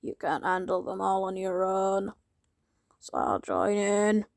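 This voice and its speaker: A woman voicing a cold young male hero turned lord of the dead, speaking in a low hushed whisper. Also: slow pace, creaky, dry recording, clean studio sound. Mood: defiant.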